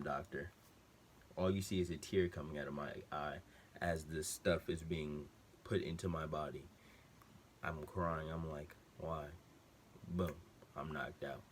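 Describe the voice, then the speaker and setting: A young man telling a personal story in a casual, animated way, full of slang and acted-out quotes. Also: very deep voice, a little hiss or hum. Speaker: vlogger.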